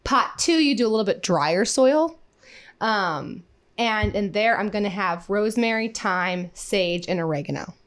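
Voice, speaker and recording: A woman's voice: mid-range voice, expressive, unhurried. Chatty young woman co-hosting a podcast. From Midwestern United States. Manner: chatty, upbeat, lots of "like" and "um". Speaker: podcast co-host. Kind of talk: casual chat.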